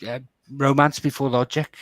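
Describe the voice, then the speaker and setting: A man voices a romantic male lover, gentle and a little teasing. His voice sits at an ordinary middle pitch. The sound is dry, with no room around it. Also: flat delivery, normal speed, dry recording, close to an everyday voice. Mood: affectionate. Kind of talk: tabletop role-play over a call.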